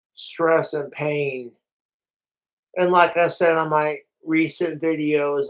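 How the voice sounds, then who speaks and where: A man's voice: a little high, a bit bright, poor audio. A man livestreaming, rambling profanely and animatedly straight to his viewers in casual chat. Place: home, overnight livestream.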